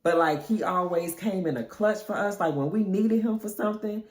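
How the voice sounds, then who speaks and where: Young woman storyteller, animated and laughing, echoey room. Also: mid-range voice, normal speed. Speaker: storyteller vlogger. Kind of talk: casual storytime. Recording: roomy echo.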